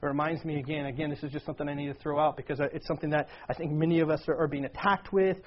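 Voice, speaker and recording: Earnest, husky-voiced male preacher. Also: a little high, steady tone, rapid-fire. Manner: earnest, acts out quoted lines with a raised voice. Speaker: pastor. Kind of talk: sermon. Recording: dull lo-fi sound.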